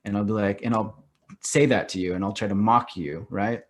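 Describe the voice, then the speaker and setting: A middle-aged man talking as a podcast guest in casual conversation, animated and loose, leaning on "like" and acting out little quoted reactions. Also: lowish voice, fairly quick. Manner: animated, acts out quoted reactions, heavy use of "like".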